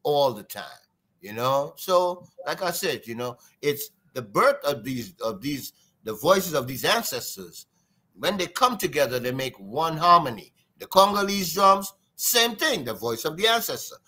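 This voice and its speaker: A man with a Trinidadian accent, a guest drummer telling stories in an interview, lively and sing-song, imitating drum sounds. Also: a little high, unhurried. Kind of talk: animated storytelling interview.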